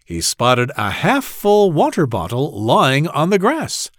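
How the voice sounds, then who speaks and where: A man narrating a children's story in a slow, very expressive read-aloud manner. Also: a little high, no echo, studio quality.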